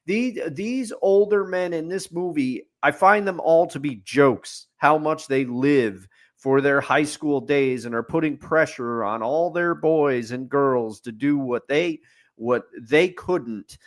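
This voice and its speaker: Slow-paced and a little high in pitch, this man co-hosts a laid-back sports podcast. He voices strong opinions, dissecting things one point at a time and stacking up lists with a recurring refrain.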